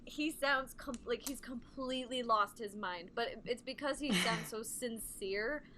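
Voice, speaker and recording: A woman's voice: on the high side, a little slow, pushed and bright, slight background noise. A woman co-hosting a podcast, talking bluntly about a film in casual chat and swearing for emphasis. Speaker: podcast co-host. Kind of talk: casual movie recap chat.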